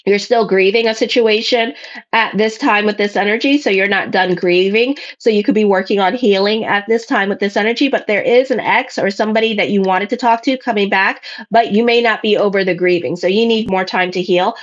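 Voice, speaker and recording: A woman's voice: medium pitch, fairly quick, highs cut off. A woman astrologer giving a casual weekly tarot reading in a sassy, blunt way. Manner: sassy, blunt, acts out listeners' voices.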